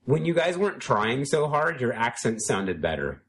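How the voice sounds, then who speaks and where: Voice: mid-range voice, very animated, normal speed, slight background noise. A podcast co-host chatting casually, often rambling and correcting themselves mid-sentence. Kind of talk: casual group chat.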